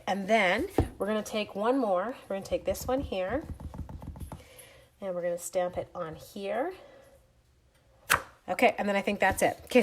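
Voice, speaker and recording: A woman's voice: mid-range voice, a little hiss or hum. A middle-aged woman giving a chatty live craft demonstration from her home craft room, greeting viewers as she works. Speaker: stamping demonstrator.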